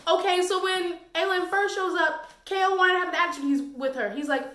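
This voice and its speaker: Young woman, book review rant, sassy and exasperated, bright tone, roomy echo. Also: very high voice, a little fast, few pauses. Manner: animated, sassy and exasperated, slips into quoted voices. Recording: echoey room.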